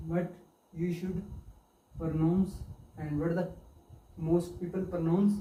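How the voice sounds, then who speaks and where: A man teaching English pronunciation, who says each sound and example word again and again as a slow drill. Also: a little high, flat delivery, warm tone, highs cut off. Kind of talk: pronunciation lesson. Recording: echoey room, voice from far off the mic, faint hiss.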